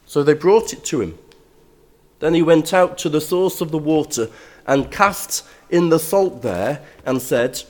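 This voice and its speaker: An older man preaching a sermon, reading scripture aloud and then explaining it in a measured way that grows emphatic. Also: medium pitch, a little mellow.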